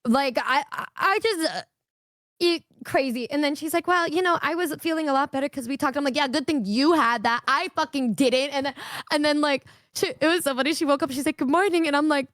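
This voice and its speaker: Woman, streamer, casual chat, animated storytelling, laughs often, high voice, dry sound. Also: brisk, dry recording.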